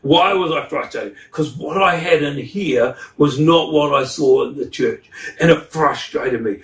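A male pastor preaching a sermon, fervent, with repeated words and loud climbs. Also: on the high side, measured pace. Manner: fervent, rising to loud exclamations. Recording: echoey hall, mic at a distance.

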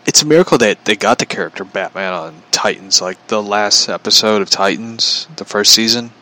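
A man's voice: lowish voice, normal speed, pushed and bright. A young man chatting casually on a livestream, rambling, often chuckling and reading out viewer comments. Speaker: vlogger.

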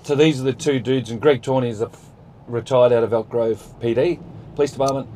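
A man's voice: medium pitch, fairly even intonation, brisk, warm tone, slight background noise, low-quality recording. A man with an Australian accent, co-hosting a podcast in casual chat, talking in an earnest, reflective way. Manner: earnest, reflective, praises at length. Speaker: podcast co-host.

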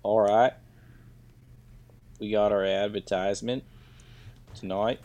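A man's voice: fairly low pitch, fairly even intonation, slow, a little mellow. A man co-hosting a casual comedy podcast, trading puns and reading mock ads with a jokey delivery. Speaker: podcast co-host.

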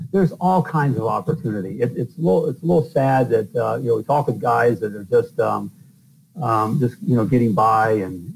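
A middle-aged plumber and podcast host from the northern US tells stories in a casual interview, wandering loosely and using lots of fillers. His mid-range voice is gravelly, and the rough recording has slight background noise.

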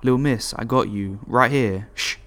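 A man voicing an old male street food vendor who gives a wary, kind warning in a hushed, urgent tone. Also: mid-range voice, moderate pace, close to an everyday voice.

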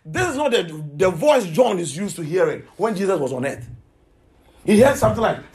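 A man's voice: sits high, big pitch swings, moderate pace. A man preaching a sermon, emphatic, repeating himself and asking his listeners questions.

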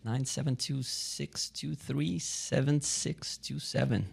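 Brazilian man with a gravelly voice. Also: medium pitch, steady tone, slow. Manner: chatty storyteller, acts out quoted dialogue. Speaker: guest, racquet sports director. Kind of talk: casual podcast interview.

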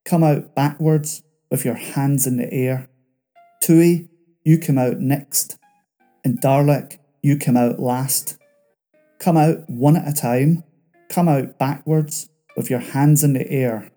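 A man voicing a stern FBI agent who barks surrender orders over a loudspeaker. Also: mid-range voice, fairly even intonation, measured pace, soft background music, lightly acted. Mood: commanding. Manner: loud, commanding orders.

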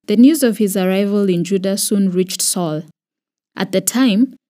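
A woman with a Kenyan accent narrating a scripture reading in a measured, expressive way. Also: medium pitch. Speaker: Bible reader.

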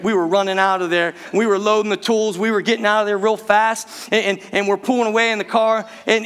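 A middle-aged pastor delivers his sermon in a high, light voice. He preaches in a loose, conversational way, calling out to the church again and again. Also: a bit bright. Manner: conversational preaching with repeated direct address to the church.

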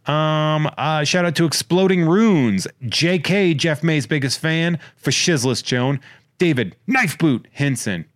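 A man hosting a podcast, rambling and joking as he reads out listener shout-outs in casual chat. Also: fairly high pitch, unhurried, no echo, clean studio sound. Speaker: podcast host.

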